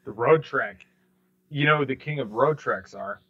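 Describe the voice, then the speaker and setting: A man, co-hosting a sports podcast in casual chat, animated and mimicking people in quick bursts. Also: medium pitch. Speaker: podcast co-host. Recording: slightly dull lo-fi sound.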